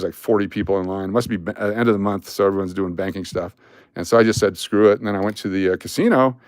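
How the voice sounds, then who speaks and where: A man's voice: fairly low pitch, no room sound. Middle-aged male streamer, casual storyteller, dead-dry room sound. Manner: animated, acts out other people's lines when retelling. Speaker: live stream host.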